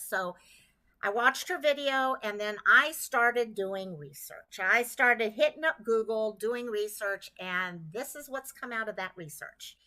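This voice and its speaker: Bright-voiced woman hosting a livestream. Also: fairly high pitch, unhurried. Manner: chatty, breaks off to greet viewers by name. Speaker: livestream host. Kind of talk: casual livestream talk to a support community.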